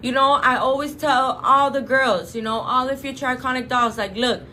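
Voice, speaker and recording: A woman's voice: high voice, normal speed, sharp tone, slight background noise. A woman from a clinic talking casually and emphatically to viewers, full of fillers and "you guys.". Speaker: clinic representative. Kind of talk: casual promotional talk to camera.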